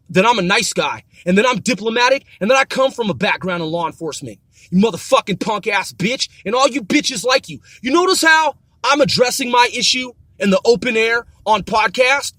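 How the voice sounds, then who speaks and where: A man's voice: very high-pitched, expressive, brisk, pushed and bright, dry recording. A man hosting a podcast, delivering an angry, profane rant full of repeated insults. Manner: profane, ranting, repetitive insults. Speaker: podcast host.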